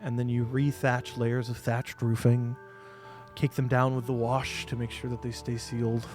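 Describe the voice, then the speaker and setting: Male game master, mid pitch, easygoing narration over faint music. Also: normal speed. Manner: relaxed storytelling with fillers.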